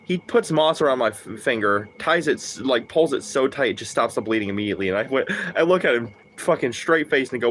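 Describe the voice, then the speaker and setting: A man's voice: medium pitch, expressive, brisk, hardly any pauses, a bit bright, slight background noise. A man chatting casually on a livestream, rambling and swearing, full of fillers and laughing asides.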